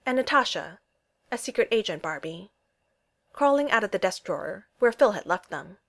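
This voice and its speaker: A woman reading a story aloud with an expressive, animated delivery. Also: medium pitch. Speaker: narrator.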